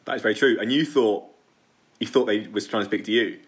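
A man's voice: lowish voice, brisk. A young man, a podcast guest, chatting casually and telling rambling stories with dry self-deprecating humour.

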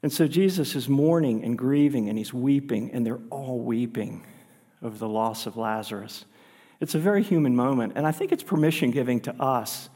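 A man's voice: medium pitch, moderate pace, mellow, long reverb tail. A man pastor preaching a sermon in an earnest, conversational way, pushing his voice up for emphasis.

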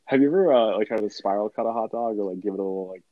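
Fast-talking man on a dull remote line. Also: on the low side, no room sound. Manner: quick, curious questioning, many fillers. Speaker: podcast co-host. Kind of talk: casual chat. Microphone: remote call.

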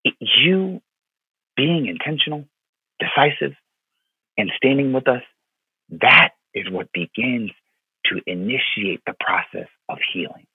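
A Florida pastor in his thirties, guesting on a podcast, recounts a personal story in a mid-range, breathy-edged voice with lively intonation. He speaks a little slowly with long pauses, earnest and heartfelt, using many fillers and repeated words, and the phone-line audio is dry and tinny without echo.

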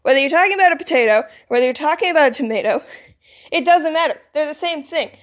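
A woman's voice: high-pitched, brisk. Rambling groggy woman with a Michigan accent. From United States. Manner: rambling, full of "like" and "you know". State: groggy, recently woken. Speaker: vlogger. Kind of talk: casual rambling monologue.

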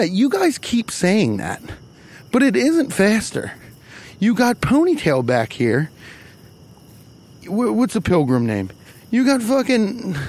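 A man telling a profane, exasperated comedy story, acting out the people he quotes. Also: high voice. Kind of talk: stand-up storytelling.

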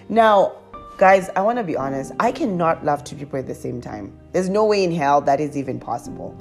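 A woman telling her viewers a confessional story in a chatty, animated way, laughing as she goes. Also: moderate pace, faint music behind. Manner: laughs often and breaks into high squeals. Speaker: vlogger.

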